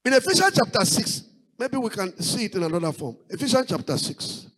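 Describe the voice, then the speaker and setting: A man preaches a sermon in a high voice that sweeps up and down. He piles up repeated phrases and calls out praises as he drives each point home. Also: big pitch swings, a little fast, fairly bright tone, breathy edge, poor audio. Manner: preaching with rising exclamations and repetition. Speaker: pastor.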